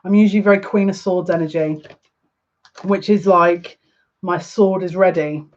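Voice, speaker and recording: A woman giving a live card reading as a psychic, gushing and excitable, easily overwhelmed with emotion. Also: on the low side, normal speed, dull audio.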